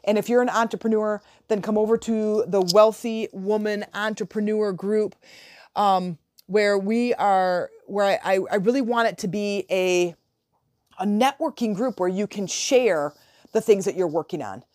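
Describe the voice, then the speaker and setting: A woman coaching her viewers in a chatty, animated motivational talk, often restarting phrases and acting out little dialogues. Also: medium pitch, normal speed.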